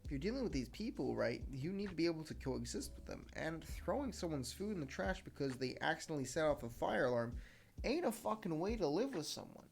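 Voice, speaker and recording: A man's voice: fairly high pitch, big pitch swings, a little fast, vocal fry, darkish tone. A young man hosting a solo podcast, telling a story in a heated, profane rant. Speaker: podcast host.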